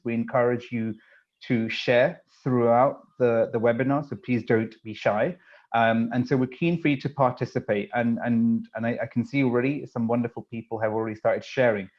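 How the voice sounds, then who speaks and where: A man's voice: mid-range voice, lo-fi sound. A man hosting an online webinar, greeting attendees in a chatty way with many fillers and restarts. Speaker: webinar host. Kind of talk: casual live webinar hosting. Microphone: video call.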